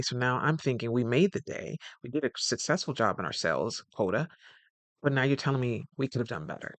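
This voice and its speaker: A little fast and mid-range in pitch, this man's voice comes through a dry recording as he coaches on communication. The talk is casual and rambling, with animated impressions of the people he mentions and frequent mid-word self-corrections.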